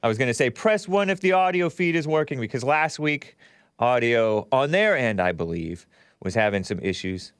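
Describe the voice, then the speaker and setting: A man hosting a live-streamed call-in talk show, animated and jokey, chuckling as he reads chats. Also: medium pitch, smooth, dry recording, studio quality. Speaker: show host.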